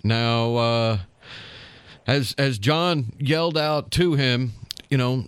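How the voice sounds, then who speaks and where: A man's voice: mid-range voice, takes it slowly, clean tone, no echo. A man co-hosting a radio show, telling a story in casual banter, rambling with lots of fillers and chuckles.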